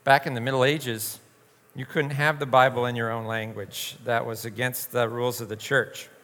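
A man's voice: mid-range voice, flat delivery, moderate pace, a bit bright, in a large hall. A man leading an informal youth group talk, a joking storyteller who acts out quoted voices.

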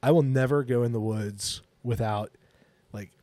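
A man's voice: medium pitch, moderate pace, mellow, no echo. Man, forties, podcast co-host, casual chat, joking, laughs often, dry close mic.

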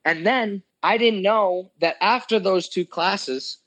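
Young male co-host, profane and joking storyteller, slightly higher voice. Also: slow, fairly bright tone, rough recording. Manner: profane, joking, acts out quoted friends. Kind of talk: casual chat, storytelling.

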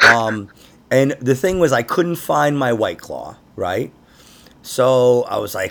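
A man's voice: mid-range voice, unhurried, gravelly. A man hosting a comedy podcast, chatting casually and laughing often as he tells stories. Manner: laughs often, animated storytelling. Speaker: podcast host.

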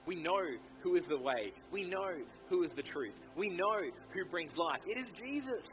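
A man's voice: high-pitched, animated, moderate pace, a bit bright, poor audio. Fervent man preaching over music. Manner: fervent, exhorting, repeats "come on". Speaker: pastor. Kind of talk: sermon. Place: church.

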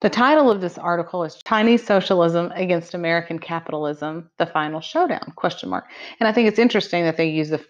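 On a podcast with dull lo-fi sound, this middle-aged female co-host talks fast in a lowish voice. Her chat is relaxed, and she laughs readily.

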